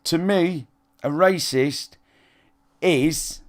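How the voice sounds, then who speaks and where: A man's voice: fairly high pitch, very slow. A man with a British accent, a gaming live streamer chatting casually with his viewers, rambling and swearing, often checking if they follow him. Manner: rambling and sweary, often asks "do you know what I mean".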